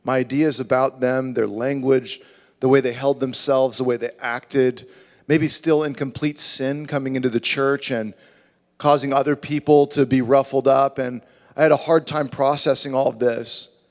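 A man preaching a sermon as a pastor, animated, acting out voices in his story. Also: mid-range voice, moderate pace. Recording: long reverb of a large hall.

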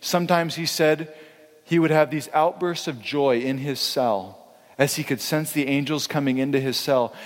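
A man's voice: medium pitch, long reverb tail. A man pastor preaching a sermon in a conversational, emphatic way, acting out quoted speakers.

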